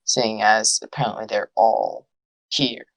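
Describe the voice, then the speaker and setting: A woman's voice: a bass voice, fairly even intonation, unhurried, dry recording, poor audio. A woman playing a tabletop role-playing game, thinking aloud in a hesitant way. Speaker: player. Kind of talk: tabletop role-play chat.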